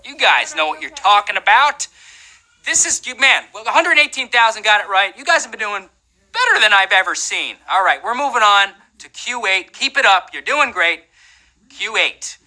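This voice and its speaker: A man's voice: high voice, very animated, normal speed, pushed and bright, rough recording. A man hosting a live trivia game show, playful and jokey, keeping the energy up.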